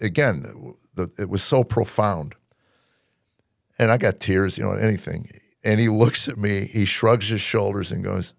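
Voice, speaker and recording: A man's voice: lowish voice, vocal fry, no echo, clean studio sound. A man hosting a podcast, telling a personal story in an earnest, casual way with plenty of fillers. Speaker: podcast host. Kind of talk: casual interview chat.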